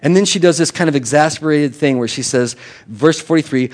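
A man's voice: fairly high pitch, a little fast, darkish tone. A man preaching a sermon in a loose, conversational way, often restarting his sentences. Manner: conversational, with frequent restarts and asides. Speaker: pastor.

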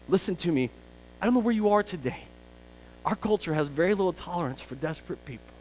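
A male preacher delivers a sermon with strong emphasis and speaks directly to his listeners. His voice sits a little high for a man. He often pushes his words out to drive a point home. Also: fast, low-quality recording. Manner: emphatic, addresses the congregation directly. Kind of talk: expository sermon.

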